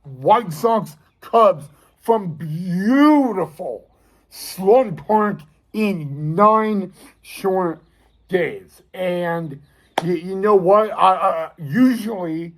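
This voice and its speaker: A young man talking casually to his viewers as a fan vlogger, eager and excitable, often calling them "guys". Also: high-pitched, drawn-out words. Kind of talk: casual direct-to-camera talk.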